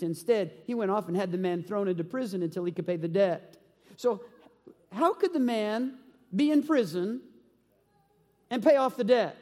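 A man preaching to his congregation in a fairly high voice, shifting from quick stretches to slow, weighty lines as he reads scripture and asks questions. His voice rings out through a hall with a long echo. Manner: animated preaching, reading scripture aloud, asking the congregation questions. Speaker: pastor. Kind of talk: sermon.

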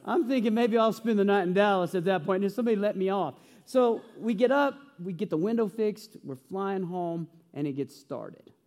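Man, pastor, sermon, high mellow voice, storytelling, long church reverb. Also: expressive, moderate pace, few pauses. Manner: storytelling, humorous, earnest. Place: church sanctuary.

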